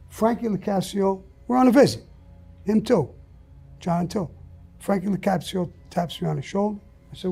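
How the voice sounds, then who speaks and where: A man's voice: high voice, a little fast, mellow, soft background music. An older man telling stories as an interview guest, blunt and profane. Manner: blunt, profane, gravelly storytelling. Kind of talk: storytelling in an interview.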